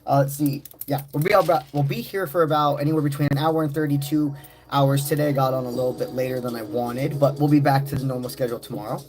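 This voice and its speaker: A man's voice: medium pitch, fairly even intonation, fast talker, darkish tone. A man hosting a live-stream tarot session, greeting chat viewers by name in loose, friendly slang. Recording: music playing in the background. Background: music.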